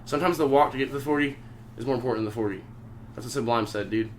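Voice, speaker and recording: A man's voice: mid-range voice, very fast, slight background noise. A young man from Oklahoma hosting a podcast, telling a long story in casual chat, rambling and swearing constantly. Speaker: podcast host.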